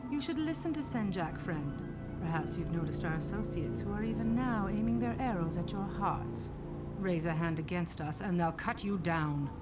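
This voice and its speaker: Treacherous bandit woman voiced by a woman, smooth talker, lively pitch, game music behind. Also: moderate pace, lightly acted. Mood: scheming. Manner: smooth, persuasive.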